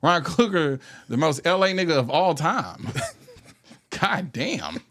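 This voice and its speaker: Man, podcast co-host, fairly high voice with a wide pitch range, animated and profane comedic chat. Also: takes it slowly. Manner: animated, profane, laughs often.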